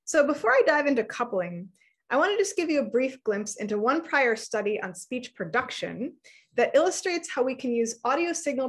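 A woman in her thirties giving an academic lecture, explaining research in a clear, measured way. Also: on the high side.

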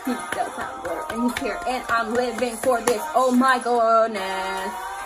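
A young woman with a slightly high voice reacts to a music video with excited, casual commentary. She gushes and squeals, drawing out her exclamations.

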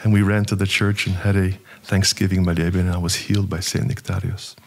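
A middle-aged archpriest telling a personal story in an earnest, halting way, with many pauses and fillers. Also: male voice, deep voice, little pitch movement, creaky, slight background noise. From United States. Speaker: archpriest guest.

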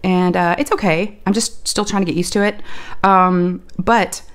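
A woman chatting casually while she crafts on camera. Her voice is deeper and scratchy from allergies, and she talks in a folksy, chatty way, saying "y'all.". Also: fairly even intonation, normal speed, clear, resonant tone. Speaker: crafting video host.

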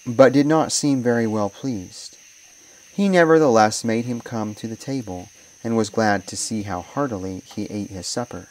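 A man, a minister, reading a moral story aloud in a measured, solemn way. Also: medium pitch, darkish tone, distant mic, low-quality recording.

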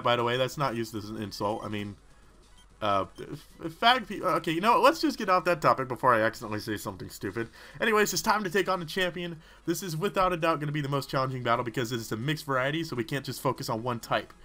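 A man giving rambling, excitable gaming commentary, talking back to the characters on screen. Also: medium pitch, quick pace. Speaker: let's play host.

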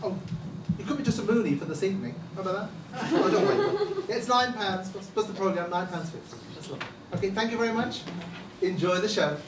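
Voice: mid-range voice, big pitch swings, fast talker, natural voice. A stage performer playing a chatty, fussy theatre box-office attendant who stammers through false starts, in a live sketch. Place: village hall stage. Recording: echoey hall miked from far, audience noise.

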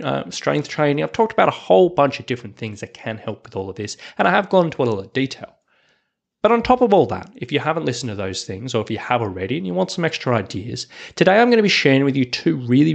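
A man's voice: medium pitch, creaky. A man hosting a solo podcast as a hiking coach, talking in an upbeat, conversational way. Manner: upbeat, conversational, lively rises and falls.

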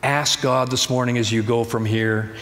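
A man's voice: medium pitch, steady tone, moderate pace, fairly bright tone, a little hiss or hum. A man pastor preaching a sermon in a conversational, storytelling manner, recorded in a church sanctuary. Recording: church hall reverb, faint ambience.

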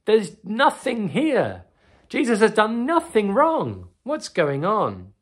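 A children's teacher voicing Pilate as a flustered governor who pleads with a crowd, in a raised, louder voice. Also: medium pitch, huge pitch swings, slow pace, husky, voice pushed up, exaggerated voice. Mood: exasperated. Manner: pleading, exasperated questions.

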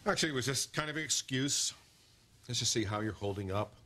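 A man's voice: mid-range voice, expressive, a little fast, bright, forceful tone, slight background noise. A man acting in a sitcom as a playful, pleading doctor husband. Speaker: actor playing a doctor husband.

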